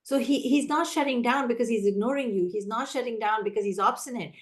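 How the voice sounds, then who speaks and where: A woman trainer answering teachers' questions in a live online session, energetic and animated, often acting out how a teacher talks. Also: fairly high pitch, fast. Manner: energetic, animated, acts out teacher and child voices. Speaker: classroom management trainer.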